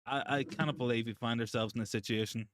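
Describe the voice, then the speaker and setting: A male host giving live football watchalong commentary, excitable and shaken, stammering and repeating himself in disbelief. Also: mid-range voice, fast talker, dry recording, clean studio sound. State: shaken and overwhelmed. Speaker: fan channel host.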